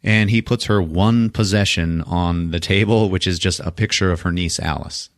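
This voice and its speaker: A man's voice: low-pitched, moderate pace, dry recording, clean studio sound. A male podcast host casually recapping a horror film, joking and swearing often. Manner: profane, joking, laughs often.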